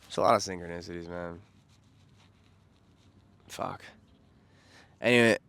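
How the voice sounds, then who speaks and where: A man's voice: low voice, a little slow, vocal fry, smooth, no echo. Slangy young New York man rambling. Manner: slangy, profane, excitable, loses track. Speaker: vlogger. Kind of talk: casual rambling monologue.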